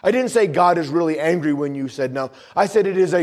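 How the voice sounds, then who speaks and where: A man's voice: on the high side, a little mellow. Fervent preacher man calling out "Amen?". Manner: reads scripture aloud in a slow, solemn cadence; folksy asides and chuckling humor. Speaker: pastor. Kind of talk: sermon.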